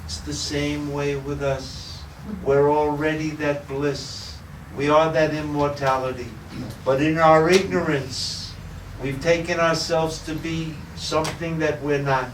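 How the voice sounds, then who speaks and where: Slow, playful storytelling man. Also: fairly high pitch, steady tone, a little hiss or hum. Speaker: spiritual teacher. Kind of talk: storytelling talk to a small audience. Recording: roomy echo, distant mic.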